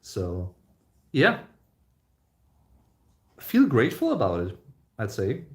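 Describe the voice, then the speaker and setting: A man's voice: lowish voice, huge pitch swings, slow pace. A man in his thirties with a German accent, hosting a casual live stream, reading viewer comments and rambling with many fillers and restarts. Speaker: YouTube host reading live chat.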